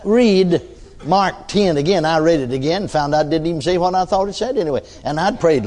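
A man preaches a storytelling sermon in a folksy, chatty way, chuckling in asides and restarting often, with frequent filler tags like "you see." His voice is on the high side, brisk and darkish in tone.

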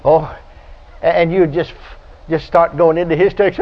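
An older man preaching a folksy radio sermon, telling stories and breaking into high, shouted praise. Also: steady tone, a little slow, pauses often. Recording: dull lo-fi archive radio recording.

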